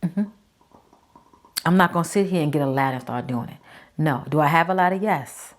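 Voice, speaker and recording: A woman's voice: deep voice, fairly quick. A woman in her forties, hosting her own podcast and talking straight to her listeners in a chatty, emphatic way. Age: 40s. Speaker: podcast host. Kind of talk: casual talk to camera.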